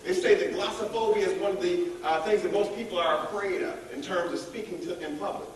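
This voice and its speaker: A man giving a lively motivational leadership workshop, rallying the audience to join in. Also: sits high, a little fast, distant mic. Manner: energetic, calls on the audience to join in. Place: large echoey room at a college event. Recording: echoey room, voice heard from afar.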